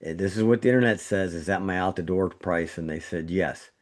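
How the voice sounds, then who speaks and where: Man, low voice, middle-aged, casual podcast chat, animated storytelling with indignant jumps. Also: a little fast. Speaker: trauma surgeon, podcast co-host.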